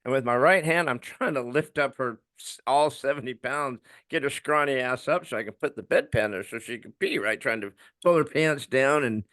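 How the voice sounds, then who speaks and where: A man's voice: medium pitch, moderate pace, hardly any pauses, dry recording, clean studio sound. A man co-hosting a podcast, telling a raw, emotional personal story and swearing as he relives it. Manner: raw, swearing, quotes himself shouting. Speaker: podcast co-host.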